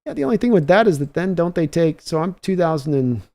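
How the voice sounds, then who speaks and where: A man's voice: fairly high pitch, lively intonation, fast, darkish tone. A man hosting a casual livestream, chatty, reading viewer comments aloud and chuckling often. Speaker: host.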